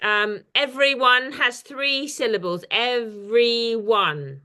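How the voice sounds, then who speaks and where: A woman's voice: medium pitch, a little slow, sharp tone. A woman artist leading an informal poetry workshop over a video call, chatty and hesitant, with lots of ums. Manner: chatty, hesitant with many fillers.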